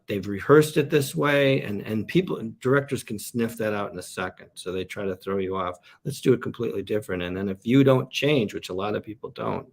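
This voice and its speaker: Male comedian guest, gravelly tone, chatty meandering storyteller. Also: on the low side. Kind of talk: casual interview chat.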